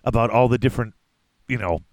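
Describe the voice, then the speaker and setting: A man with a middle-pitched voice chats in a rambling, animated way. He often restarts his sentences. The recording is dry and close. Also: fast talker, dry recording. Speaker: podcast co-host. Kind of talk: casual chat.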